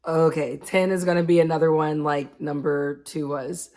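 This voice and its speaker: A woman in her late thirties talking casually about her own experiences, chatty and quick to laugh. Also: sits low, fairly even intonation, a little mellow. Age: 30s. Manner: chatty, laughs often, acts out quotes. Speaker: vlogger. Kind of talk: casual chat.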